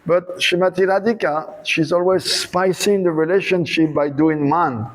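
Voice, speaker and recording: A monk preacher telling a devotional story in an animated sermon, acting out the dialogue. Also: male voice, sits high, moderate pace, low-quality recording.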